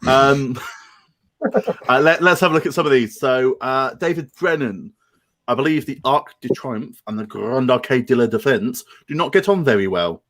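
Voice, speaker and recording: A man's voice: medium pitch, expressive, normal speed, fairly bright tone, a little hiss or hum. A man reading out listener jokes on a pun show, self-deprecating and stumbling over French words.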